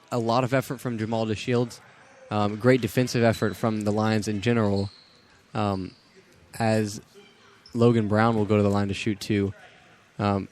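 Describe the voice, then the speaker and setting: A man's voice: fairly low pitch, a little mellow. A young man giving basketball color commentary, analytical and loose, with frequent ums and restarts.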